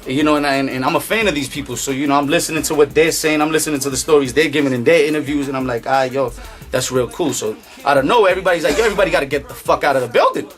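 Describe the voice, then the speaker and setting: A man casually tells a story in streetwise slang, acting out what people said, with soft music playing behind him. His voice is on the high side and his delivery is rapid-fire and animated.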